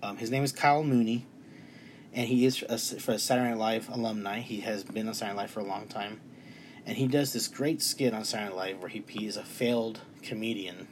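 A casual movie review comes from a man in his thirties in his bedroom, excited and emotional about a beloved film, wandering and restarting as he talks. He's on the low side, fairly quick, with fairly even intonation, over slight background noise.

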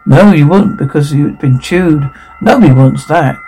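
A man's voice: fairly high pitch, unhurried, mellow, soft background music, low-quality recording. An actor playing an upbeat male youth pastor who lectures teens on purity from a stage microphone. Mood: preachy. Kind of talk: film drama acting.

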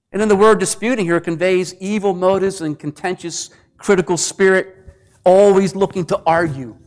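High-pitched guy preaching a sermon, lively, acts out grumblers, gets quiet sometimes. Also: normal speed. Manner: animated preaching, acts out grumbling voices, drops to near whispers. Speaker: pastor.

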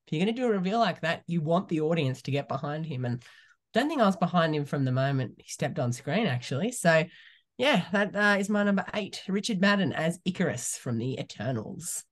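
A man co-hosting a casual movie-review podcast, talking in loose, rambling chat. His pitch swings widely, rising and falling as he builds up his complaints. He laughs often and trips over restarts. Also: very animated, a little fast. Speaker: podcast co-host.

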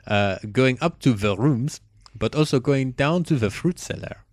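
A man's voice: mid-range voice, lively intonation, unhurried, a little mellow, dry recording, studio quality, natural voice. A man putting on a mock French accent to voice a pompous male film critic with grand, lofty phrasing. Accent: put-on French.

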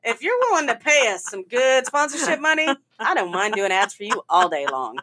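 A woman's voice: fairly high pitch, sing-song, fairly quick, fairly bright tone. A woman co-hosting a casual talk show, chatting loosely, laughing and swearing freely. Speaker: podcast co-host. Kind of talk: casual chat.

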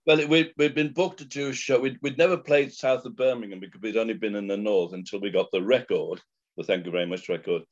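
Guy telling a band story, lowish voice, dull lo-fi sound. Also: quick pace. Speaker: guest. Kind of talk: anecdotal storytelling. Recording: dull lo-fi recording.

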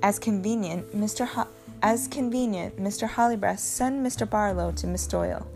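A man's voice: high voice, normal speed, gravelly, a little mellow, faint music behind. A woman voicing a commanding sea captain who speaks formally and politely. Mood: courteous.

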